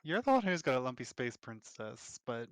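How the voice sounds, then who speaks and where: Easygoing game master, a man at a middle pitch, close and dry. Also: very animated, normal speed, clean tone, dry recording. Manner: easygoing, laughs off his own slips. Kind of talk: casual game-master narration.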